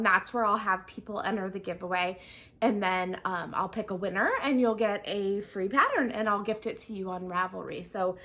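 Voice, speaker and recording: A woman's voice: on the high side, a bit bright. A young woman hosting a knitting podcast in a casual, chatty way, full of ums, a bit out of breath. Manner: chatty, bubbly, many ums. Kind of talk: casual video podcast chat.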